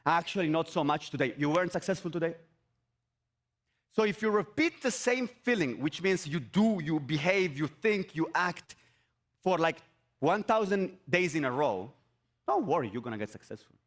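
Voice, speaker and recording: On an event stage, a male motivational speaker delivers an energetic talk at a moderate pace, repeating his points and firing rhetorical questions at the crowd. His voice is high, with pitch that swoops in a lively way.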